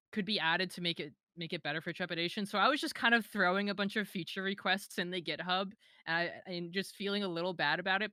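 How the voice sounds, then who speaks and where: A woman's voice: on the low side, bright, forceful tone, smooth, no room sound, studio quality. A young woman talking casually as an interview guest, hesitant with many fillers and restarts, giggling now and then. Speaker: modpack creator, interview guest.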